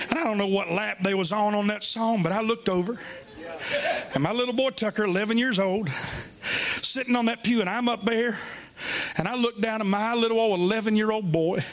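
High-voiced Southern preacher man. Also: normal speed. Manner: emotional, rising to shouting fervor; folksy storytelling with humor. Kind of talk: sermon.

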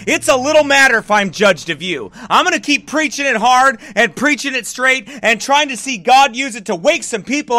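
A middle-aged man, a pastor, ranting in fiery preaching style with shouted bursts and mocking asides. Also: extremely high pitch, no room sound. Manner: fired-up, shouting bursts, mocking soft baby talk.

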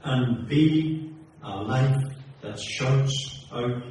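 A man's voice: medium pitch, extremely slow, darkish tone, slight background noise. A man delivers a sermon in a rhythmic, rising preaching cadence, stacking question after answer. His voice rings through a large, very reverberant hall and is picked up from some distance, with faint room ambience underneath. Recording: very echoey hall, heard from a distance.

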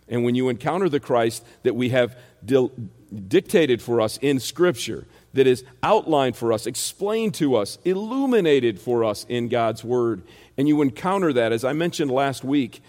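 Emphatic country-accented preacher in a reverberant hall. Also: male voice, mid-range voice, a little mellow. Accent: rural American. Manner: emphatic, rhetorical questions. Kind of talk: expository sermon.

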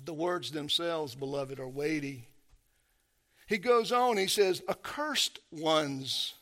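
A man preaching a sermon, emphatic, swinging from hushed to loud and urgent, calling his listeners beloved. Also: on the high side, unhurried.

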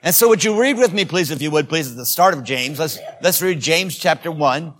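A male pastor with a slightly high, animated voice preaches fairly quickly to his congregation. He addresses them directly, switching between loud exhortation and quieter asides.

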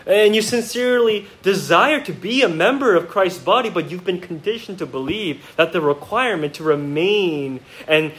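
A pastor with a slightly high voice preaches in a church sanctuary, speaking directly to his flock through rhetorical questions. He moves from hushed, reflective moments to emphatic outbursts, and the audio is of low quality.

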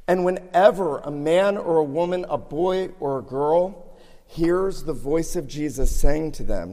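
A man's voice: a little high, measured pace, warm tone. A pastor preaching a sermon, a man with a somewhat scratchy voice who builds earnestly to emphatic peaks. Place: church sanctuary. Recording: long hall reverb.

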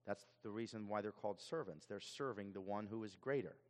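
A male pastor preaching a sermon in an animated way, often repeating words as he goes. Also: fairly low pitch, fairly quick, big-room sound.

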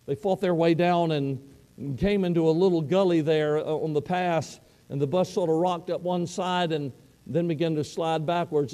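A man's voice: on the high side, big-room sound. A man preaching a sermon, telling a story with emphatic repetitions and restarts. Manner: emphatic, repetitive, dropping to hushed close.

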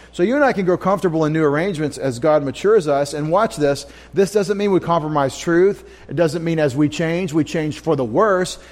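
A man teaching a Bible study in a conversational, storytelling way, often asking his listeners questions. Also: on the high side. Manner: conversational, anecdotal, asks the audience questions. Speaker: pastor. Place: church.

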